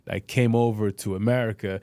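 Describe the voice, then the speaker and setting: A man's voice: fairly low pitch, steady tone, fairly quick, a little mellow, no room sound. A middle-aged man, a guest on a podcast, telling boxing stories bluntly and profanely in casual interview talk, with lots of restarts and "you know". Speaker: podcast guest, boxer and fitness trainer.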